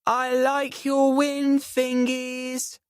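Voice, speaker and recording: A man's voice: high voice, wildly swooping pitch, a little slow, a little mellow, dry recording, studio quality, voice pushed up, heavily acted. A man voicing a giddy, tipsy young woman with slurred speech.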